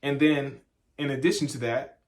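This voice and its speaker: A young man chatting casually on a couple's vlog, telling a story with lively energy and acting out the voices of the people in it. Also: mid-range voice, moderate pace. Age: young adult. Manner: animated storyteller, acts out voices in quotes. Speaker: vlogger, husband. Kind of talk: casual sit-down chat.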